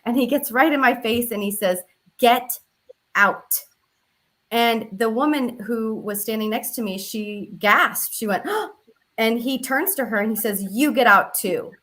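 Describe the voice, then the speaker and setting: A woman's voice: fairly high pitch, moderate pace, a bit bright. A woman advocate for election observation, telling her story earnestly in an interview. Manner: earnest, recounts events with quoted dialogue.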